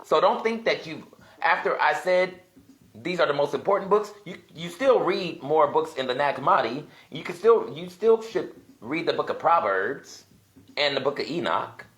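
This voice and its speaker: A man gives a casual home teaching session, thinking aloud and rambling, and he turns emphatic as he goes. His voice is bright and forward. The room around him is echoey. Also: a little high, animated, moderate pace. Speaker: self-styled religious teacher. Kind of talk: casual video teaching while browsing apps.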